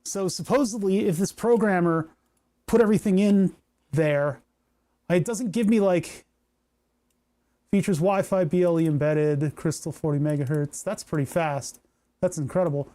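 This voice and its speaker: High-voiced man rambling while tinkering. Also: moderate pace, mellow. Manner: rambling, joking, talks to chat while working. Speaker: maker streaming a hardware project. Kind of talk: casual livestream tinkering talk.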